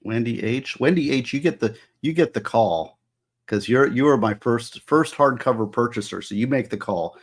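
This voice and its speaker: A man with a somewhat husky, mid-pitched voice talks casually to his livestream audience. He muses aloud, asks the chat what they think, and weighs their answers as he goes. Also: moderate pace. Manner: musing aloud, asking chat for opinions. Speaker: author hosting a livestream.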